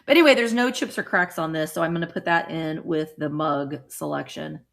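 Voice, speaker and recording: A middle-aged woman hosting a casual live stream, chatting with viewers and getting excited over small cute items. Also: low voice, brisk, gravelly. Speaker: vintage reseller hosting a livestream.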